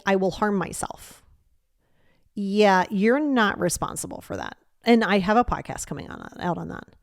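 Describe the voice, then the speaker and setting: A woman's voice: medium pitch, no room sound. Middle-aged woman doing a self-help podcast, blunt and emphatic, dry close sound. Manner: direct, emphatic, lecturing listeners. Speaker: podcast host.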